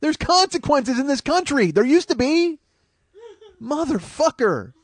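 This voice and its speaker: A man in his forties hosting a comedy podcast, ranting with heavy profanity and loud outbursts. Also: very high voice, big pitch swings, unhurried. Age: 40s.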